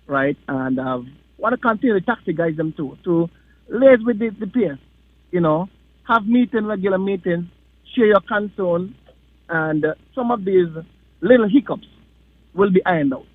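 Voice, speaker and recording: A man's voice: high-pitched, animated, moderate pace, no echo. Man on a tinny phone line. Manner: encouraging, filler-heavy. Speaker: radio caller. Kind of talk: call-in radio comment.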